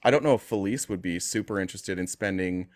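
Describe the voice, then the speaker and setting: A man's voice: low voice, fast talker. Chatty, laughing male show host. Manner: chatty, laughs often, teasing. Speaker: podcast host taking callers. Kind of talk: casual chat.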